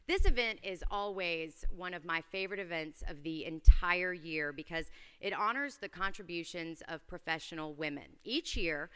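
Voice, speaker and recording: Woman emcee, bright voice, jokey, long echo off a big hall. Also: fairly low pitch, clear, resonant tone. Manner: playful, joking asides to the audience. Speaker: master of ceremonies. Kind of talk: emceeing a gala event. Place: large event hall. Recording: hall reverb from a PA system.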